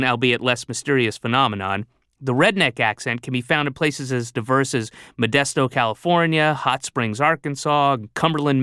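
A man from Georgia narrates his own comedy audiobook in a bitter, sardonic rant, full of sarcastic asides. His voice is bright and crisp, and the booth sound is very dry. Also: mid-range voice, no echo. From Georgia, USA. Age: adult under 60.

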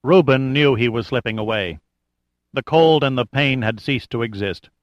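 A man's voice: medium pitch, moderate pace, no echo, highs cut off. Male audiobook narrator, dry sound. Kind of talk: scripted narration.

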